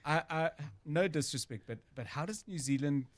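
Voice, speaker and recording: A man's voice: a little high, normal speed, no room sound. A man with a South African accent hosting a radio show, joking and teasing his co-hosts in casual chat.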